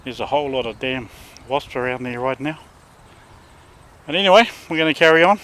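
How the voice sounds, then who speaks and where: A man with a New Zealand accent, a dog trainer chatting casually outdoors with his dogs and now and then calling loudly to one of them. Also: medium pitch, expressive, a little fast, a little hiss or hum. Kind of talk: casual outdoor vlog talk.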